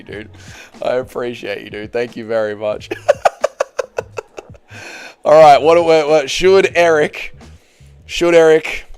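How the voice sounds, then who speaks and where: A man's voice: mid-range voice, clear, resonant tone. A man hosting a casual livestream, joking and bantering while he reads out viewer comments. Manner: joking, loose banter with chat, frequent laughs. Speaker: livestream host.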